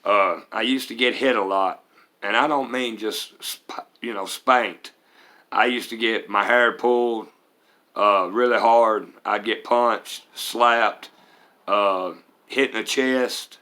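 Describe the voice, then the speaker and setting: A man's voice: fairly low pitch, takes it slowly, sharp tone. A man in his forties with a Mississippi accent, telling his life story in a candid, plain-spoken way with hesitant fillers. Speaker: vlogger sharing his recovery story. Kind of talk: personal storytelling.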